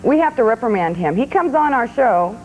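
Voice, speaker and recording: A chatty female DJ trading banter on morning radio, giggling and filling gaps with "um." Her voice sits a touch higher than most, with a faint hiss behind it. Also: expressive, muffled recording. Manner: chatty, giggly, fills pauses with um. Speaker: radio co-host, DJ.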